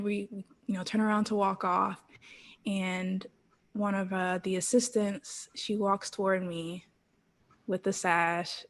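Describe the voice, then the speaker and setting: A woman in her thirties, a guest on an interview podcast, telling her story in an animated way full of "like" and quoted thoughts. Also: mid-range voice. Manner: animated storyteller, quoting herself, frequent "like" and laughs. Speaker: interview guest, former pro cheerleader.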